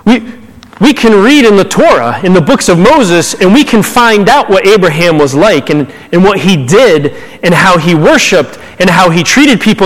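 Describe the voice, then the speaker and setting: A male pastor with a high voice delivers a lively, conversational sermon, slipping into casual paraphrases of scripture. The sound carries a long reverb from a large church hall. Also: moderate pace.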